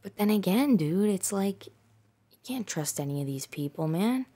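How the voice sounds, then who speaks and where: A woman's voice: medium pitch, expressive, a little slow, dark tone, breathy edge. A young woman hosting a casual solo podcast, rambling and swearing freely with lots of "like" and "dude". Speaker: podcast host.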